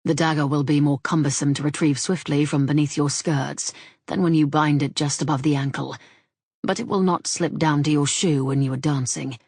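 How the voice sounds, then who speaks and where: A woman voicing a dry, low-spoken rogue. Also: steady tone, normal speed, darkish tone, breathy edge, no room sound. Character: grave, teasing male rogue, bladesmith's friend.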